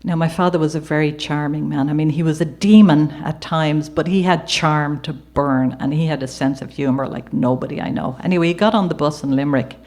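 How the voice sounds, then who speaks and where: Before a gallery audience, an Irish woman shares her life story, part read from her memoir and part improvised. Her low voice holds a steady tone, runs a little fast with few pauses, and slips readily into warm conversational asides punctuated by occasional laughter.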